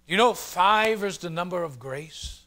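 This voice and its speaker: A male pastor delivers an emphatic, storytelling sermon. His voice sits high for a man and rings bright and forceful. He drives his points home with repeated phrases. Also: expressive, unhurried.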